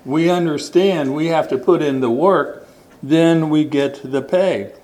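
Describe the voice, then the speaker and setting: Male preacher, higher-pitched, unhurried sermon delivery with emphatic repetition. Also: darkish tone, poor audio. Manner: deliberate, stresses words and repeats them. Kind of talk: sermon with scripture reading.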